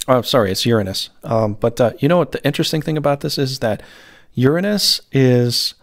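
A man's voice: medium pitch, expressive, fairly quick. A man giving a casual, rambling tarot reading, full of fillers and restarts. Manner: rambling, meandering, lots of fillers. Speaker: tarot reader.

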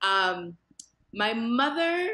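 A young woman, a fashion designer, answering interview questions in a lively, talkative way with many fillers and restarts. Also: a little high, drawn-out words.

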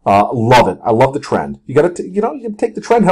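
A man talks through stock charts in a loose, rambling way, cracking jokes as he goes. His pitch rises and falls a lot, and his voice is a little husky and a touch higher than most men's. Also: wildly swooping pitch, fast, hardly any pauses, a little mellow. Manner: rambling, jokey, slips into mock outbursts and sung lyrics. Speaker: market video host. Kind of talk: casual market commentary over charts.

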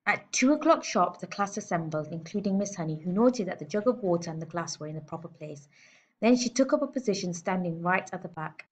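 A woman teacher reading a storybook aloud to children in a lively, expressive way. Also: lowish voice, brisk, slightly rough. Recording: dull lo-fi recording.

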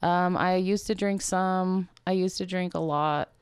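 Gravelly-voiced woman comic, low and profane. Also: a little slow. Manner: profane, animated storyteller who acts out other people. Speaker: stand-up comic, podcast guest. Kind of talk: casual chat.

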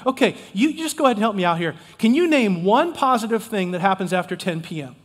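High-voiced man preaching with long reverb. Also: fast talker, few pauses. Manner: emphatic, folksy, animated preaching with repetition. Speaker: pastor. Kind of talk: sermon. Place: church sanctuary.

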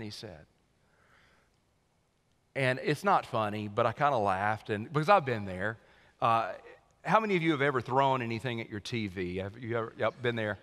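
Preaching pastor in a reverberant church hall. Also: male voice, expressive, moderate pace, long pauses. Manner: preaching with wide swings in loudness, dropping low and quiet for emphasis. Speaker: senior pastor. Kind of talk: sermon. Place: church sanctuary.

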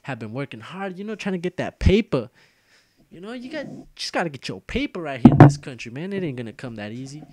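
A man's voice: on the high side, big pitch swings, quick pace, a little mellow, no echo, studio quality. A young man giving casual gameplay commentary as host of his own video series. He jokes, grumbles and trash-talks at other players.

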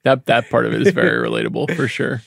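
Gravelly middle-aged man, earnest film chat. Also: medium pitch, huge pitch swings, fast, a bit bright, no room sound, clean studio sound. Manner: earnest, agreeable, lists films. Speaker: podcast co-host. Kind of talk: casual movie chat.

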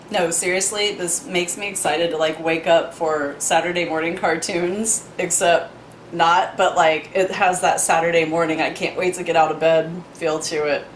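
A woman's voice: lowish voice, steady tone, moderate pace, a little hiss or hum. Bubbly woman chatting in an echoey kitchen. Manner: bubbly, chatty, playful asides. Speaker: home cocktail vlogger. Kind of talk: casual kitchen demo chat. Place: home kitchen.

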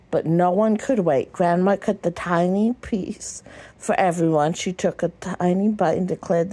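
Low-voiced woman reading a picture book. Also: fairly even intonation, moderate pace. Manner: gentle read-aloud with small slips and restarts. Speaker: storybook reader.

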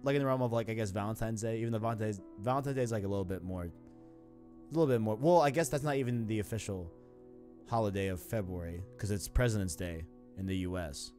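A young man in his twenties hosts a gaming podcast in easy, rambling chat, dropping slang as he goes. His voice sits low, with a faint New York accent. Soft music plays faintly underneath. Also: fast talker. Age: 20s. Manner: laid-back, slangy, rambling. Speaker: podcast host.

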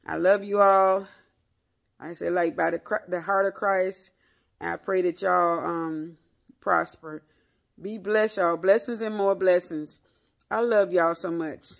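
A woman's voice: lowish voice, fairly even intonation, unhurried, creaky. A middle-aged woman, chatting casually and rambling to her viewers about a hair product, full of "y'all" and blessings. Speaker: vlogger.

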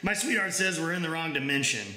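A man's voice: on the high side, quick pace, pushed and bright, echoey room, a little hiss or hum. A man reading aloud, voicing a polite, worldly space alien who talks in a casual, chatty and mildly condescending way. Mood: breezy.

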